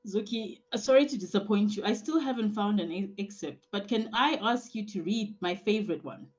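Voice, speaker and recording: A woman's voice: mid-range voice, expressive, a little fast, a little mellow. Cheerful woman author on a video call. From Zimbabwe. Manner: cheerful, chatty. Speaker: guest author. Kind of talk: online interview. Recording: dull lo-fi video call audio.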